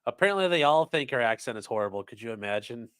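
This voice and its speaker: A man's voice: mid-range voice, lively intonation, fast, a bit bright, clean tone. A man hosting a casual live stream, reacting to news clips with sarcastic, rambling remarks and reading viewer chat aloud.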